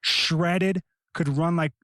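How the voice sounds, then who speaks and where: A middle-aged American man, a retired Army Ranger, telling stories in casual talk, animated and profane, shouting out the lines he quotes. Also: a little high, slow, no echo, studio quality. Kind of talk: casual storytelling.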